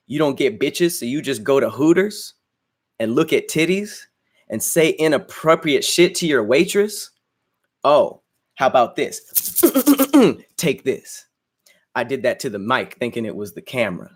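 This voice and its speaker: Young male podcast host, casual and crude, brags through freestyle bars, mid pitch. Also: sing-song, measured pace, breathy edge. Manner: crude, boastful and joking, laughs at himself. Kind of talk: casual livestream chat and freestyle rap.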